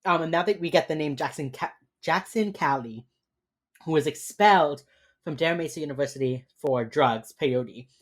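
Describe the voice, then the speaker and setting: Low-voiced woman casually recapping a show. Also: moderate pace. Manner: rambling, filler-heavy retelling with lots of "like". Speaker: podcast co-host. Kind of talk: casual chat recapping a TV episode.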